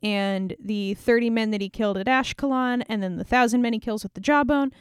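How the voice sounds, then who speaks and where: A woman's voice: on the high side, a little fast, smooth, no room sound, clean studio sound. A young woman casually retelling an old scripture story in a chatty, irreverent way, full of sarcastic asides.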